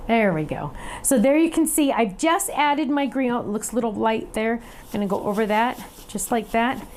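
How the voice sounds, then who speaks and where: Woman, craft class instructor, chatty, upbeat, fairly high voice, faint background hiss. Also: animated, moderate pace, a little mellow. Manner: chatty and upbeat, talks to viewers while working; laughs at herself, playful sound effects. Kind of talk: live online crafting demonstration.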